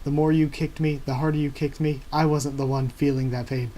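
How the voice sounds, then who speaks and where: A man's voice: a little high, level tone, fairly quick, dark tone, a little hiss or hum, close to an everyday voice. A man reading as a stubborn young pirate captain. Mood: defiant.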